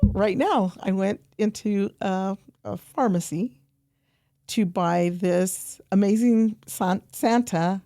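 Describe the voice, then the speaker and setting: Woman guest on a podcast, mellow dark tone, dry close mic, tells stories all animated. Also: mid-range voice, takes it slowly, dry recording. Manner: animated storytelling, quoting herself and others; emphatic, repeats points for force. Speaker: guest, nonprofit program director. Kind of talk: conversational podcast interview.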